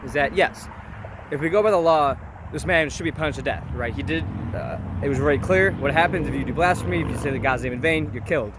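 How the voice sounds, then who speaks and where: A man's voice: a little high, fast. Chatty young man, traffic noise behind. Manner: informal, chatty, keeps asking "right?". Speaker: vlogger. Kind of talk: casual commentary on scripture.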